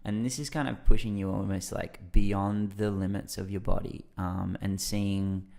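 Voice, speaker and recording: As a podcast guest, this man tells casual stories in a loose, rambling way with plenty of fillers, acting out his own reactions as a lively storyteller. His voice is deep and creaky, at a measured pace.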